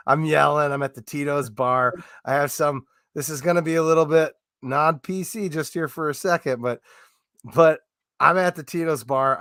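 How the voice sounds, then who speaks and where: A man co-hosting a relaxed sports podcast. He rambles through his stories with plenty of fillers and false starts. His voice sits at an ordinary pitch, and it is recorded dry and close with no room sound. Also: no room sound. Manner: rambling storyteller, lots of fillers and restarts. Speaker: podcast co-host. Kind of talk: casual sports chat.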